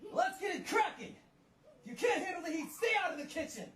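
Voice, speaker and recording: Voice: very high-pitched, huge pitch swings, a little fast, over a noisy crowd, heavily acted. Someone hamming up an edgy anime dub brawler. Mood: cocky. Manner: shouty, gruff tough-guy bravado. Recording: distant, roomy, noisy clip audio.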